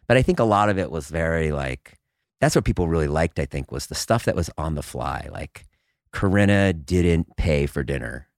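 A man's voice: a bass voice, moderate pace, gravelly, no echo, clean studio sound. A man chatting as a podcast guest, talking loosely with lots of "like" and restarts. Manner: animated, filler-heavy talk with many restarts. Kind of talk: casual chat.

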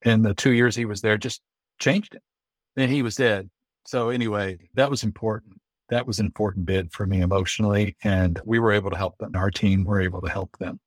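A middle-aged American man, a guest on an interview, telling lively anecdotes and acting out the dialogue he quotes. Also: fairly low pitch, brisk, no echo. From United States. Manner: lively storyteller who acts out quoted dialogue. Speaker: guest, Olympic bid consultant.

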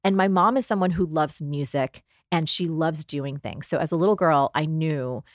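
A woman in her forties from New Jersey, a guest author and life coach, telling animated stories in an interview and acting out the voices in them. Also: sits low, normal speed, dry recording, clean studio sound. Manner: lively, acts out voices in her anecdotes.

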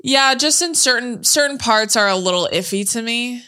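Bright-voiced young woman, chatty. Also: fairly high pitch, normal speed. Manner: animated, laughs often, swears casually, slips into quoted voices. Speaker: podcast co-host. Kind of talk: casual chat.

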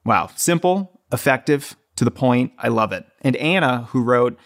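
A man's voice: mid-range voice, lively intonation, normal speed, hardly any pauses, a bit bright. A man hosting a running podcast, talking in an enthusiastic, friendly way with some filler words. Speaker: podcast host. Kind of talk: casual podcast interview.

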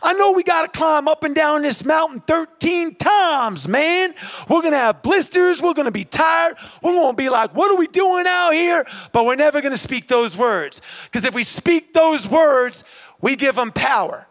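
A man's voice: very high-pitched, lively intonation, normal speed, fairly bright tone, voice pushed up. A man imitating his intense, relentless ex-military trainer friend, who keeps saying "man" and pushes hard. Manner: pushy, repeats "man" constantly.

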